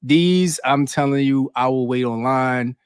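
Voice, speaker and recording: A man's voice: mid-range voice, a little slow, clear, resonant tone, dry recording, clean studio sound. A man co-hosting a live podcast in a laid-back, slangy casual chat, drawing out his words. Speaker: podcast co-host.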